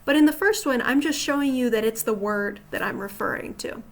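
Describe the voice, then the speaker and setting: With a fairly high, fairly quick voice, a writing teacher patiently steps through slides for a grammar lesson. She explains carefully and often poses rhetorical questions to check in with the listener.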